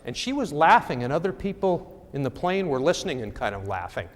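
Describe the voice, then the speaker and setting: Middle aged guy with a slightly high voice spinning a wry story to a crowd, big echoey hall. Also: sing-song, normal speed. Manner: wry, conversational, checks in with "okay?". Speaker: presenter at a training talk. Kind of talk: anecdotal storytelling talk.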